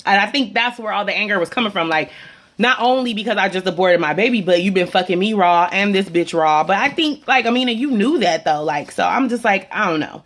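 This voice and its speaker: A woman's voice: medium pitch, fairly quick, fairly bright tone. A woman giving a casual opinion recap to camera, blunt, sassy and full of swearing. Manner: blunt, profane, sassy, chatty. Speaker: reality TV recap vlogger. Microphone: camera mic.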